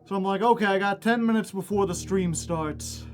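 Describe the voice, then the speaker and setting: A man's voice: high-pitched, moderate pace, soft background music. A young man streaming a game, out of breath after exercise, chatting casually and greeting viewers by name. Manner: chatty, reading out chat names.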